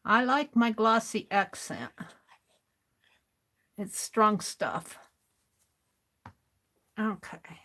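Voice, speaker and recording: A woman's voice: mid-range voice, gravelly, a bit bright. A woman streaming her art journaling, chatting casually and talking to herself as she works. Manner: talks to herself, rambling and self-amused. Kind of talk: casual chatter while crafting.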